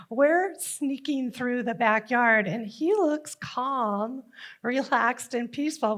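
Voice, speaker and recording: A middle-aged woman telling a personal story on stage, slow and deliberate with emotional emphasis. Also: fairly high pitch.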